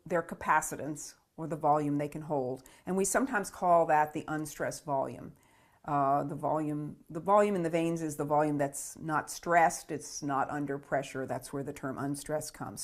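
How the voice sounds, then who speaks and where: A woman physiology lecturer in a recorded lecture, explaining step by step, repeating key terms and checking in with "okay?". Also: sits low.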